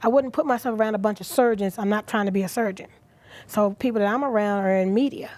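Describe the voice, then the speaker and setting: A middle-aged woman guest on a talk show, speaking earnestly and with feeling, at times dropping to a soft near-whisper. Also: mid-range voice, fast. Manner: earnest, animated, drops to soft near-whispers at emotional moments. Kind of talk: inspirational talk show interview.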